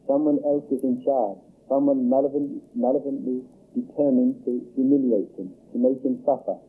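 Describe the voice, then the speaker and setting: A man reads a novel aloud in a measured, storytelling way, adding brief asides of his own. His voice is husky and sits at a middle pitch. The recording is thin and tinny, like a phone line. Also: steady tone. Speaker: dharma teacher.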